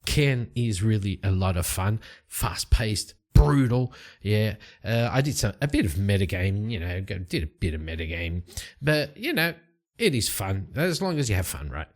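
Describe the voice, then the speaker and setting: A man casually narrating his solo tabletop roleplaying game from his home study, relaxed and rambling. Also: fairly low pitch, moderate pace. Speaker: solo tabletop game player and channel host.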